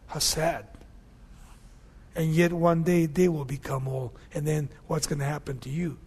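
A man's voice: on the high side, steady tone, measured pace, gravelly, husky. A male pastor teaching a sermon verse by verse, talking to his listeners conversationally and often asking "you see?". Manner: conversational preaching, asks "you see?", swings between loud readings and soft asides.

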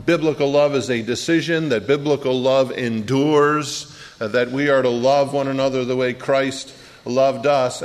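A man preaches a sermon in a church, his voice carrying with a long reverb through the hall. He delivers it earnestly, drawing out key phrases and hurrying through asides, at an ordinary pitch for a man. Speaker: pastor.

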